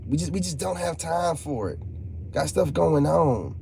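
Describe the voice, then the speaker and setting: A man's voice: on the high side, animated, a little slow, vocal fry, darkish tone, a little hiss or hum. A man, hosting a casual live stream, joking and reading chat aloud. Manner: joking, laid-back, reads chat aloud. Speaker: channel host talking to live chat.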